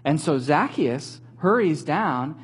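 A man giving a sermon as a pastor, telling the story in a conversational, animated way with light humor. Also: on the high side, takes it slowly, breathy edge.

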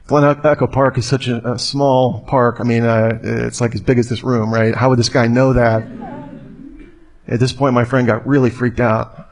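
A man's voice: mid-range voice, flat delivery, moderate pace. A man speaking to a live audience in a conversational, storytelling way with rhetorical questions.

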